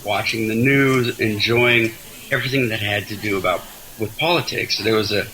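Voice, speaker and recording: A man's voice: fairly low pitch, normal speed, sharp tone, poor audio. A man as a guest in an interview, talking in a chatty, self-deprecating way with frequent restarts. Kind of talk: casual interview chat.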